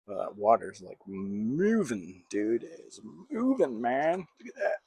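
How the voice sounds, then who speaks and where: A man's voice: medium pitch, big pitch swings, takes it slowly, hardly any pauses, slightly rough, no echo, narrow, tinny audio. A man hosting a casual home cooking vlog, talking to himself in a playful, jokey way while he cooks in his kitchen.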